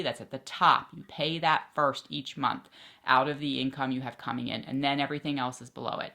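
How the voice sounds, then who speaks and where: Chatty lady money youtuber, pretty low voice, talks to camera like a friend. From Philadelphia area. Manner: chatty, excitable, quick asides. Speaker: personal finance YouTuber. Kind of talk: casual talk to camera.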